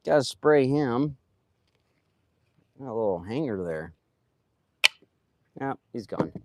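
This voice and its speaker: Man, mid-pitch, laid-back rambling live-stream chatter, dry recording. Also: darkish tone, dry recording. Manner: rambling, trails off, lots of fillers. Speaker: chainsaw carver streaming live. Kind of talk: casual live-stream chat while working.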